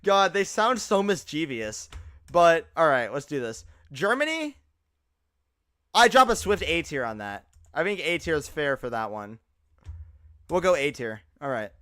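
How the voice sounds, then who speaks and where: A young man streaming live, chatting casually and excitably, laughing often and sounding tired. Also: fairly high pitch, unhurried, clean tone, no room sound, clean studio sound. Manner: excitable, laughs often, uses fillers like bro. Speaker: livestreamer. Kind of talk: casual live reaction chat.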